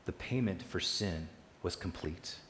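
A man preaching a sermon as pastor, building loud through lists and falling soft and slow on key lines. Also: low voice, a little hiss or hum. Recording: echoey hall with long reverb.

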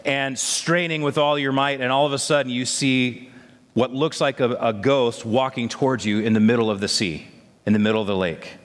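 A man preaching a sermon, telling the story in a lively way and acting out the voices of the people in it. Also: medium pitch, normal speed, big-room sound. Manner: animated storytelling, acts out voices of disciples.

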